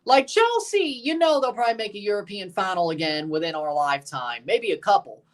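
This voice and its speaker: High-voiced and animated, a man talks a little fast while hosting a live match watchalong. His commentary is casual and reactive, wandering from topic to topic as he responds to his chat.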